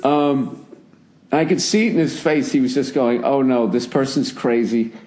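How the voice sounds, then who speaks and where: A man in his forties from the United States, hosting a casual podcast chat and telling stories with lots of swearing and sudden jumps up in pitch when he rants. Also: moderate pace. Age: 40s. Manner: profane, animated storyteller who swings his voice up high when ranting. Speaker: podcast host.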